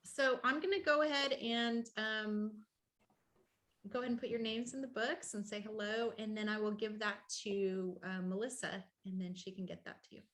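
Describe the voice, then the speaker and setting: A woman's voice: medium pitch, fairly even intonation, normal speed, fairly bright tone. A woman guest speaker on a video call, cheerful and playful in casual chat. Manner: cheerful, playful, laughs easily. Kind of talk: casual chat closing a webinar.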